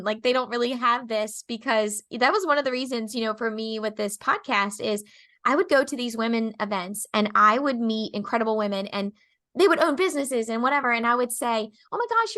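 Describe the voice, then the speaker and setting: A woman hosting a podcast in casual chat, talking fast and loose with lots of fillers and acted-out quotes. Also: fairly high pitch, pushed and bright. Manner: chatty, lots of fillers, acts out quoted people. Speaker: podcast host.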